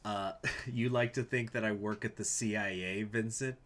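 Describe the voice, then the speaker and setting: A man's voice: on the low side, fairly even intonation, normal speed, fairly bright tone. A man streaming a strategy game from home, reading event text aloud and rambling to his chat with jokey asides. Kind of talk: casual gameplay commentary, reading event text.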